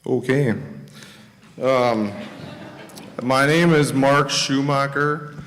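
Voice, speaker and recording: A man giving public comment at a school board meeting, halting and searching for words, at times crying with a breaking voice. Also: mid-range voice, steady tone, a bit bright, a little hiss or hum. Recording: reverberant meeting hall.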